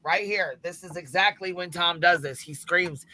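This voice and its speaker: A man's voice: high-pitched, normal speed, bright, forceful tone, rough recording. A man hosting a live panel, bluntly narrating video clips play by play and swearing freely. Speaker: livestream panel host. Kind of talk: casual commentary over video clips.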